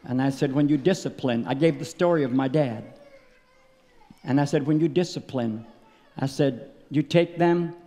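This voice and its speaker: A middle-aged man preaching a sermon at a tent meeting, telling a personal story and building to loud, emotional peaks. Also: medium pitch, normal speed, big-room sound. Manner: storytelling, rising to loud emotional peaks, acting out his story with sound words.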